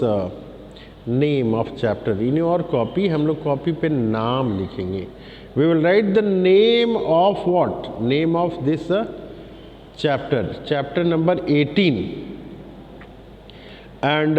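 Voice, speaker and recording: A man with an Indian English accent teaching a class. He speaks slowly and repeats himself, pausing with many fillers, and switches between English and Hindi. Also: fairly high pitch, dull audio. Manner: slow, repetitive, many filler pauses, mixes English with Hindi. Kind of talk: classroom lesson. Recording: long reverb, faint ambient noise.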